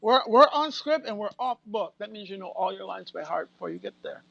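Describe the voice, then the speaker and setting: Animated American actress telling set stories. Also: female voice, mid-range voice, fairly quick, gravelly, no echo, dull audio. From United States. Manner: animated storyteller, acts out quotes and laughs often. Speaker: guest actor. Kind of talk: casual interview chat.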